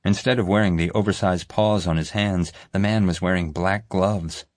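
A man narrating a children's mystery story in an even, storytelling way. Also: low-pitched, normal speed, no echo, studio quality. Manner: steady storytelling. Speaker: audiobook narrator. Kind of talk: scripted narration.

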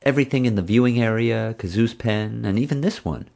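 A man reading an audiobook voices a frank, outspoken woman zookeeper in a raised, lively voice. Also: mid-range voice, fairly quick, vocal fry, pitched above the performer's own voice, natural voice. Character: woman zookeeper, frank, chatty young adult. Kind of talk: audiobook character voice.

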